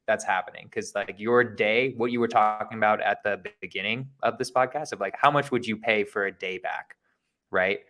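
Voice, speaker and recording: Give me an enthusiastic man as podcast host, with a fairly low, bright voice. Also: steady tone, moderate pace. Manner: enthusiastic, agreeable. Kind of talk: casual podcast conversation.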